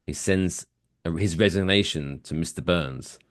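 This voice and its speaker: A man with a low-sitting voice and moderate pace co-hosts a podcast in casual chat. He animatedly retells favorite cartoon scenes, quoting their lines in funny put-on voices.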